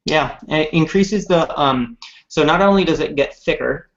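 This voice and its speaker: A man's voice: a little high, normal speed, vocal fry. A man in his thirties chatting casually and upbeat about products as a company representative on a live show, with many fillers. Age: 30s. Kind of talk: live-streamed product chat. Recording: dull lo-fi stream audio.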